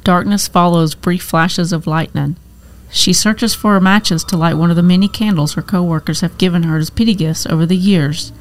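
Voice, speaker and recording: A woman reading a horror story aloud as scripted narration, measured and tense. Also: fairly low pitch, steady tone.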